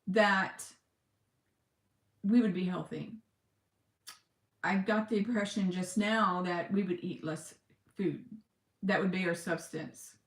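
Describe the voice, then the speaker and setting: A woman talking in a personal video diary, on the edge of tears, halting and emotional, with sighs and pauses. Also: medium pitch, roomy sound. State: close to tears. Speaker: vlogger.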